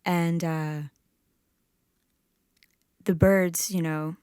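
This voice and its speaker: A woman's voice: fairly low pitch, level tone, very slow, darkish tone, smooth, no echo, studio quality. A woman singer-songwriter casually retelling a myth between songs, with plenty of fillers. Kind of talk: spoken storytelling between songs. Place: music session recording on a campus.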